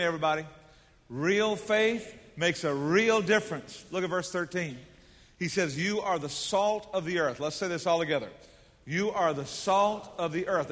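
A man's voice: high-pitched, a bit bright. A middle-aged man preaching a sermon to his congregation, folksy and emphatic, leading them in call-and-response. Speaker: pastor. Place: large church sanctuary. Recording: long hall reverb.

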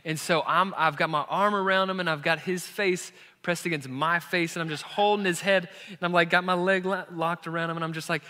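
A male pastor in his thirties preaches to his congregation in a bright, forceful voice pitched a little high. His storytelling moves from quiet asides to loud bursts of emphasis, and his words ring through a large hall with a long echo. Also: brisk, few pauses. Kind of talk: sermon.

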